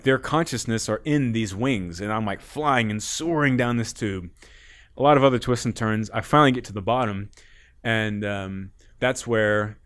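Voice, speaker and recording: A man as a podcast guest, telling a long story in a loose, animated way, laughing often and leaning on "like". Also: mid-range voice. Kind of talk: casual storytelling.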